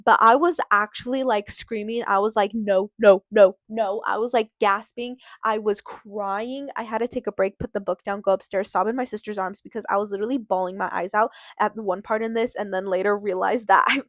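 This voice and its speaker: A woman's voice: mid-range voice, fairly even intonation, brisk, hardly any pauses, fairly bright tone, no echo. A woman chatting through a casual book review vlog in a mid-range voice. She gushes and rambles, restarting her sentences as she goes. The sound is dry, with little room around it. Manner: gushing, rambling, self-interrupting.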